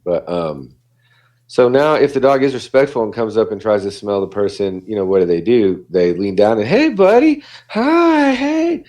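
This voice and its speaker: A man's voice: fairly low pitch, moderate pace, mellow. A man, a dog behaviorist, talking casually on a podcast and acting out what dogs and people say.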